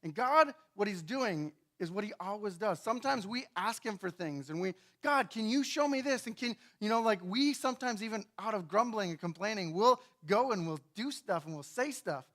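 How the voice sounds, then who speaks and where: A man preaching a sermon in a casual, chatty way, acting out biblical characters in lively asides and often asking "right?". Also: high voice, a little fast, few pauses. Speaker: pastor. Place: church sanctuary.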